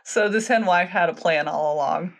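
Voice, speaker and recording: A woman's voice: fairly low pitch, normal speed. A woman co-hosting a podcast, casually retelling a folktale in a chatty, filler-heavy way, laughing often and acting out the quotes. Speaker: podcast co-host. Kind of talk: casual storytelling chat.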